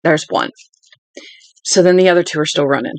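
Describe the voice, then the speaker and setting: Tired 40s woman streamer, gravelly voice, dry close sound, rambling chatty delivery. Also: low-pitched, fairly quick, no room sound, low-quality recording. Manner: chatty storyteller who drifts off topic. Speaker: book-reading livestream host. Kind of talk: rambling casual chat. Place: at home with dogs.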